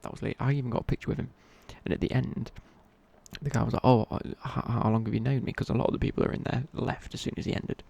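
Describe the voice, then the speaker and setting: Gravelly whispering man, whispered ASMR chat. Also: mid-range voice, steady tone, quick pace, mellow. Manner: rambling, casual, many fillers and restarts. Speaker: ASMR creator.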